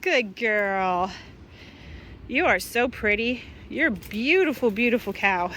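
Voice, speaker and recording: A woman's voice: a little high, animated, slow, bright, forceful tone, slight background noise. A young woman vlogging on her farm, chatting casually as she works outdoors in a pasture and calling her cattle in a sing-song voice. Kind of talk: casual chat while doing farm chores.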